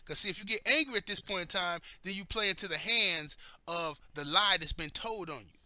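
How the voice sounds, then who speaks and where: A man's voice: sits high, a little fast, pushed and bright, dry recording. A man telling personal stories in a blunt, heated way, cursing heavily as he talks. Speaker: commentator. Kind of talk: profane personal storytelling.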